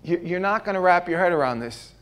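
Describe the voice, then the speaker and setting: A man preaching a sermon in a church, telling stories in an animated way and joking at his own expense. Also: high voice, fairly quick. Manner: animated storytelling with self-deprecating jokes. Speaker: pastor. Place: church sanctuary.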